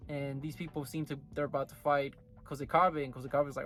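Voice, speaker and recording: A man's voice: on the high side, fairly quick, soft background music. Rambling man recapping an anime episode. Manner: rambling, full of "like" and "you know" fillers. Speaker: anime reviewer. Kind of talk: casual recap and review.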